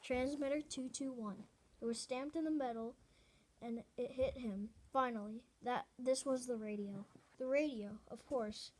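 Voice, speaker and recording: A woman's voice: on the high side, moderate pace. A woman reading a novel aloud in an earnest way, often restarting and correcting herself mid-sentence. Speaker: reader.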